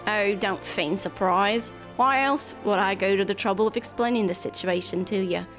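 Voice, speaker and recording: A woman's voice: mid-range voice, normal speed, fairly bright tone, soft background music, natural voice. A woman voicing a smug, scheming male guildmaster in a game, with a put-on accent and a grand, formal delivery.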